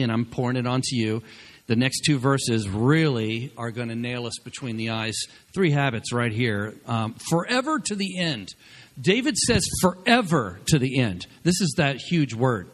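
A male pastor preaching a sermon, exhorting the congregation with energy and swinging between loud bursts and quiet asides. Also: medium pitch.

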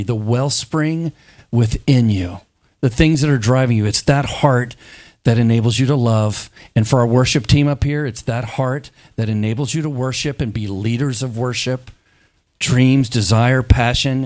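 Animated man preaching a sermon. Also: medium pitch. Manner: animated, acts out biblical dialogue in playful voices.

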